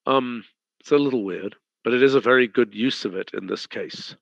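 A man's voice: medium pitch, normal speed, vocal fry, dry recording, muffled recording. A man running a live working design meeting, thinking aloud in a direct, decisive way. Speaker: company head leading a design meeting.

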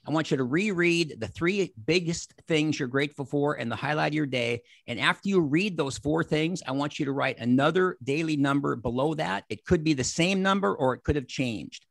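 Energetic man in his 60s, gravelly voice. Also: a little high, moderate pace, few pauses, no room sound. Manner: animated, acts out quoted exchanges. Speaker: motivational speaker. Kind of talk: energetic motivational talk. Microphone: video call.

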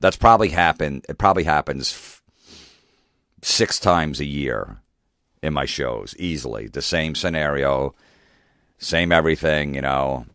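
A middle-aged man talks through a podcast monologue with a very deep, low voice. The sound is dry and close-miked. He rants and swears freely and slips into mocking voices now and then. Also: expressive, a little slow, a bit bright, dry recording. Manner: profane, ranting, acts out hecklers in mocking voices. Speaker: comedian and podcast host.

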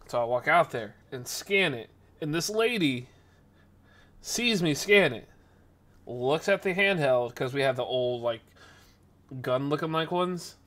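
A man hosting a podcast, telling a rambling story in a casual, animated way, correcting himself as he goes and acting out the people in it. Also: a little slow, pauses often. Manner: animated, acts out the people in his story with jumps in pitch and volume. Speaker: podcast host.

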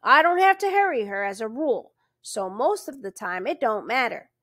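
A woman's voice: a little high, very animated, normal speed, a bit bright, no echo, studio quality. A woman voicing a chatty, suspicious rural male constable with a folksy drawl. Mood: folksy grumbling.

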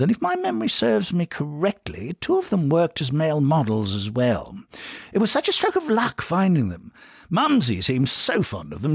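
A snooty, plummy upper-class English brother, put on by a male narrator for an audiobook, pitched somewhat above his plain voice and delivered with smug, pompous politeness. The voice rises and falls in lively, theatrical swings. It is close and dry, with a faintly husky edge. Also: no room sound, heavily acted.

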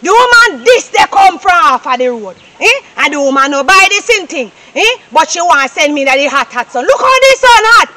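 A woman's voice: very high-pitched, sing-song, fairly quick, hardly any pauses, very noisy. A woman with a Jamaican accent playing a lazy, sulky young woman who rants and complains in patois. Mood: grumbling. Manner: whiny complaining rant in patois.

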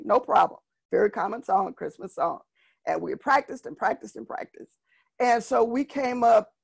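Husky, gravelly woman teaching a music workshop. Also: fairly high pitch, no echo. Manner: animated storyteller, acts out voices of students and parents. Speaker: vocal music educator. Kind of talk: workshop talk with anecdotes.

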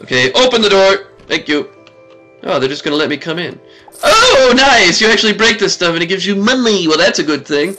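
A man in his thirties giving casual let's-play commentary, excitable and talking back to the game. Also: high-pitched, quick pace, soft background music. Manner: excitable, talks to the game, frequent laughs and exclamations. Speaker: gaming video host.

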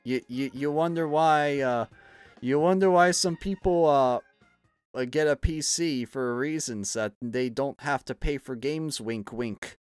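A man's voice: medium pitch, measured pace, smooth, dry recording, faint music behind. A young adult man streaming, chatting casually while gaming, rambling with lots of fillers and swearing freely.

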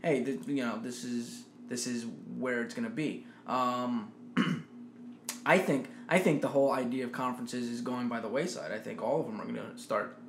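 A man's voice: medium pitch, fairly even intonation, normal speed. A man co-hosting a casual gaming chat, making his points emphatically. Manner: opinionated, emphatic. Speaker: podcast co-host. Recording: echoey room, faint noise.

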